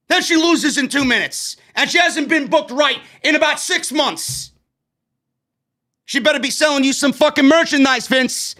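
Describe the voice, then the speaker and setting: New york guy ranting about wrestling, high bright voice, swears a lot, yells. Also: moderate pace. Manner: loud profane ranting, frequent shouting. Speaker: wrestling show reviewer. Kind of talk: ranting show review.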